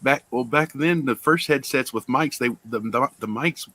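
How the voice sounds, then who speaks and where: A man in casual chat, speaking in a slow, halting way. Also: mid-range voice, bright, forceful tone, dry recording.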